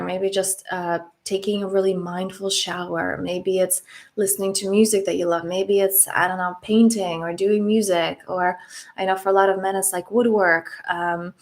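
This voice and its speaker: Female self-development coach, medium pitch, gentle and unhurried reassuring tone. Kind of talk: guided reflection talk.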